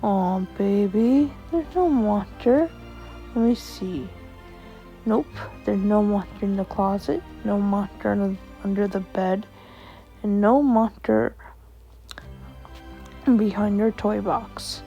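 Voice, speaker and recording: A gentle, loving father, voiced by a woman, speaks in calm, reassuring tones. The voice sounds mellow and a little gravelly, on a dull recording with faint music under it. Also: mid-range voice, slow pace, long pauses. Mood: soothing. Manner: soothing, reassuring.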